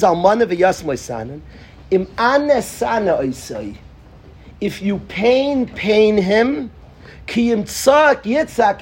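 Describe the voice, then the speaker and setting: A man, a yeshiva rabbi, giving an informal Torah lesson to students, animated, acting out little dialogues, calling on students by name and repeating phrases for emphasis. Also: high-pitched, slightly rough.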